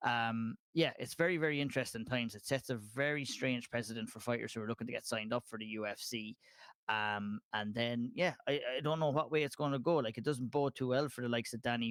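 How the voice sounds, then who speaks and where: A man's voice: medium pitch, a bit bright, clear, resonant tone, dry recording. Kilkenny-accented man rambling on a call. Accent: Southern Kilkenny Irish. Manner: rambling, apologetic, lots of fillers and restarts. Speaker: podcast guest, MMA analyst. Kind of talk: casual podcast chat. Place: at home, dinner party upstairs.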